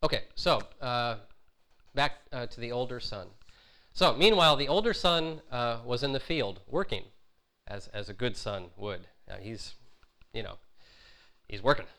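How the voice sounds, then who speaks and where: A man preaching a sermon in a relaxed, conversational way. He pauses on fillers, restarts his phrases, and acts out the quoted lines. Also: mid-range voice.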